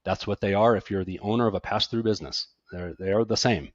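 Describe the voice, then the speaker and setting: Accountant guest, middle-aged man, lively and self-deprecating, low voice, dry close recording. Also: fast talker, dry recording, muffled recording. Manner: animated, self-deprecating, stammers on restarts. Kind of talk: casual podcast conversation.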